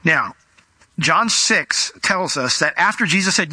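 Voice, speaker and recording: An animated male pastor preaches in a conversational style, slipping into acted quotes. His voice sits fairly high with a bright, cutting edge. The sound is dry and close. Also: a little slow, husky, dry recording. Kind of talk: expository sermon.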